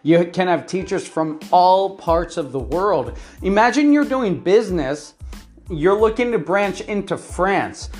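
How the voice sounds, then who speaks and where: Giving talking-head advice to learners, an online English teacher with an expressive mid-range voice speaks slowly and deliberately. The teacher sounds enthusiastic, numbers each point, and repeatedly asks "right?", with faint soft music beneath.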